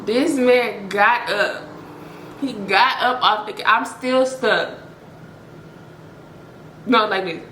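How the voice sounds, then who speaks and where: Bright, dramatic woman telling a story. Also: mid-range voice, slow, pauses often, echoey room, slight background noise, low-quality recording. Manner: dramatic, blunt and profane, addressing viewers directly. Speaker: storytime vlogger. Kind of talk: casual storytelling to viewers.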